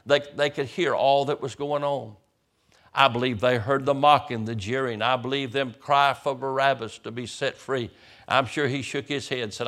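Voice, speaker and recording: A man's voice: medium pitch, fairly bright tone. A man, a pastor, preaching a sermon as vivid storytelling, often stammering over the first words of a sentence.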